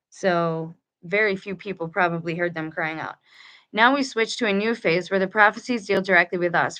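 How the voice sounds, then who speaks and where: A woman's voice: lowish voice, a bit bright. A woman reading a book aloud to her viewers and breaking off into casual commentary, talking in a conversational way with restarts. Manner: conversational, chatty asides to viewers, restarts mid-sentence.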